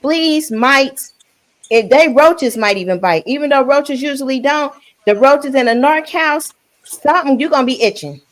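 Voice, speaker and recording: A woman's voice: sits high, expressive, moderate pace. A woman hosting a casual panel chat, talking frankly and laughing often as she speaks.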